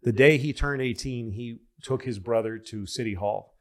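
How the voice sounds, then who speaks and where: At a moderate pace and medium pitch, a man co-hosting a podcast tells stories in casual, swear-filled conversation. He's an animated storyteller who acts out the voices of the people involved.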